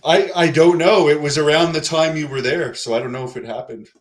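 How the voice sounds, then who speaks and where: A man's voice: on the high side, brisk. A man hosting an interview, reading out a viewer question and urging the guest to tell one more story. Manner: coaxing, pushes for more. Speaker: interview host.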